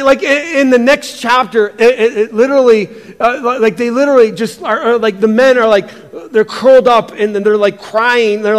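Pastor, male, high voice; lively sermon with stammered repeats, long reverb. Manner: animated, repeats words, acts out quotes.

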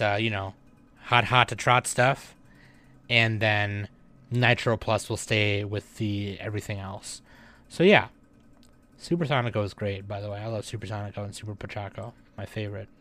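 A young man hosting a news podcast, reading headlines and adding relaxed offhand comments with lots of fillers. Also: fairly low pitch. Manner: reads headlines, then adds relaxed offhand remarks with many fillers.

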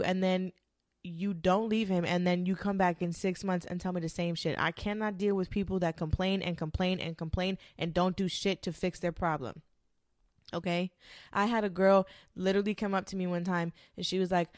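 A woman's voice: fairly low pitch, fairly even intonation, moderate pace, a little mellow, no echo, clean studio sound. A woman talking straight to camera in a blunt, profane, emphatic rant about speaking her mind.

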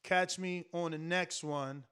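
A male host of a live boxing stream, reading viewer comments aloud in a relaxed way. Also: a little high, slow pace.

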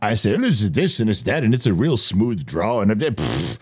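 A man in his fifties hosts a relaxed podcast conversation, telling funny stories with plenty of swearing. His voice swings widely in pitch as he gets into the tale. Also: normal speed, slightly rough. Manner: animated storyteller, swears, laughs often. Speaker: podcast host. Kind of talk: casual storytelling chat.

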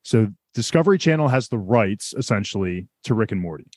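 A man's voice: on the low side, lively intonation, a little fast, a little mellow. A man co-hosting a casual recap chat about a cartoon, explaining things at length with lots of fillers. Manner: rambling, filler-heavy explaining. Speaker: podcast co-host.

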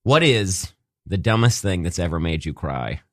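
Playful male host, swinging pitch wildly, close and dry. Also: moderate pace, no echo. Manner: playful, teasing, lively. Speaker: podcast host. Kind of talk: casual chat.

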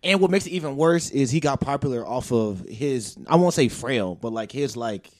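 A man's voice: mid-range voice, lively intonation, normal speed, dry recording. A man in laid-back casual chat with friends, his voice dropping as he trails off.

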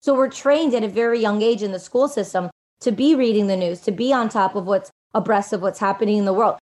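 A woman life coach talking casually in a podcast conversation, animated and full of "like", acting out little quotes. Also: mid-range voice, a little fast. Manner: chatty, animated, acts out quotes, fillers of "like".

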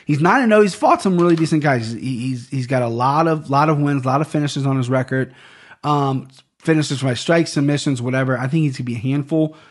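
A man's voice: mid-range voice, a little fast. A young man hosting a casual fight-picks podcast at a desk microphone, rambling, swearing and tripping over names. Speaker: sports betting podcast host.

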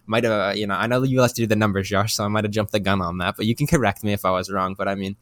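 A man with a fairly low voice talking casually as a sports podcast co-host. He rambles, repeats words and fills gaps with "uh". The sound is dry and close to the mic. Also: fairly even intonation, very fast, fairly bright tone, no room sound.

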